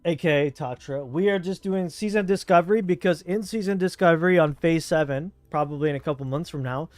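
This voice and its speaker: A man's voice: a little high, brisk, darkish tone, no room sound. A man from Southern California with a Southern Californian accent, streaming a game and chatting casually in a rambling, laid-back way. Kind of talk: casual chat while gaming.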